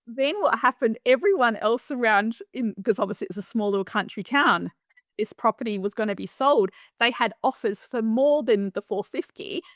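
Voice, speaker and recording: A middle-aged woman from Western Australia with an Australian accent, a property manager chatting as a podcast guest, animated and full of fillers and restarts. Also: a little high, moderate pace, no room sound, clean studio sound. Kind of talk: casual interview storytelling.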